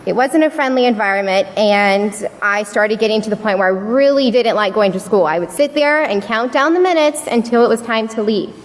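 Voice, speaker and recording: A young woman, slightly high-voiced, tells a personal story to a congregation. She acts out the voices of the people she remembers. Her voice carries a long reverb from a large worship hall. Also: brisk, hardly any pauses. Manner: storytelling, acting out what people said. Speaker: youth speaker at a church service.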